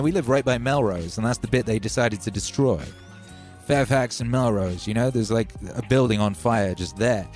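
A man's voice: on the low side, fairly quick, a little mellow, faint music behind. A man hosting a livestream, telling rambling, wry stories in a casual chat from home. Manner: chatty, wry storytelling with hype openers. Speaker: livestream host.

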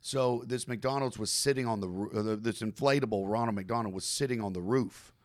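A man's voice: lowish voice, a little fast. A man in casual conversation, telling a story about himself with self-mocking humor. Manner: self-mocking, laughs through his own stories.

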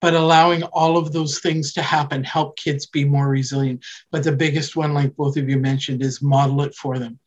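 A woman's voice: sits low, level tone, normal speed, darkish tone, highs cut off. A woman from Canada, a child development specialist, explaining parenting ideas in an earnest, conversational way on a podcast. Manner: earnest, explanatory, often says "right?" and "you know".

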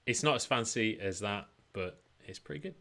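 Lower-pitched man hosting a casual chat. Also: animated, normal speed, gravelly, background noise. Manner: chatty, jokey, filler-heavy. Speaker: podcast host and esports caster. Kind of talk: casual chat over drinks.

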